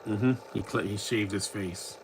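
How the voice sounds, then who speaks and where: A man's voice: on the low side, steady tone, unhurried, slight background noise, rough recording. A man from the United States, hosting a casual live movie commentary, rambling and opinionated with many restarts.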